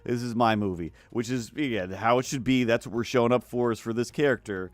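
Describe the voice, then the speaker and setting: A man's voice: medium pitch, a little fast, dry recording. A man chatting casually while he draws on a livestream. He rambles with lots of restarts and keeps slipping into silly voices. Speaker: art streamer. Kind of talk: casual chat while drawing.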